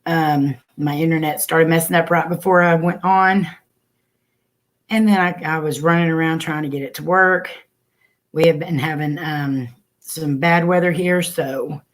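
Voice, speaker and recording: A woman's voice: low voice, steady tone, a little slow. A woman hosting a casual livestream, chatting and greeting viewers by name over a computer mic. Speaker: livestream host.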